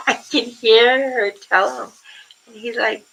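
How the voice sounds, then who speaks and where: A woman's voice: a little high, huge pitch swings, very slow, gravelly, noisy background. An older woman chatting casually with viewers on a livestream, telling rambling stories and laughing often. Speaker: livestream host.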